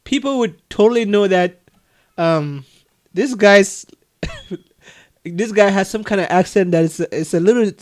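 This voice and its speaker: A man's voice: sits high, lively intonation, measured pace, long pauses. A man with a mixed Cameroonian and Texan accent, chatting over a video call, laughing often and restarting his sentences. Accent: mix of Cameroonian and Texan English. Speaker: adoption agency mentor answering questions. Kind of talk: casual video call conversation.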